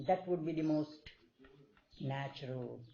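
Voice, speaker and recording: A man telling stories to a small group in a gentle, unhurried way, acting out the voices in them. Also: a little high, vocal fry. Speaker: speaker sharing stories of his spiritual master. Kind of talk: informal storytelling talk to a small group. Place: meeting hall. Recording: dull lo-fi recording.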